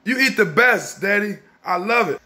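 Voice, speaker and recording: A man doing an excited little boy. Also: high-pitched, normal speed, a little hiss or hum, heavily acted. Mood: gushing. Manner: gushing, breathless listing of berries. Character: excited little boy praising his dad.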